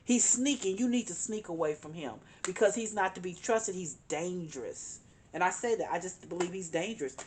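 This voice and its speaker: A woman's voice: lowish voice, lively intonation, normal speed, a little mellow, a little hiss or hum. Emphatic woman giving a tarot reading. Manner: emphatic, earnest, repeats herself; calls on spirit guides. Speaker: tarot reader.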